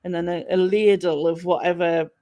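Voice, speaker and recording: A woman's voice: fairly low pitch, steady tone, moderate pace, dark tone, no echo. A woman hosting a stream, reminiscing hesitantly on a video call. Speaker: host. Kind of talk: casual chat on a live stream.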